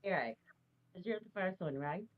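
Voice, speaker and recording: A woman's voice: on the low side, animated, normal speed. Blunt woman on a dull mic. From Missouri. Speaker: guest judging contest.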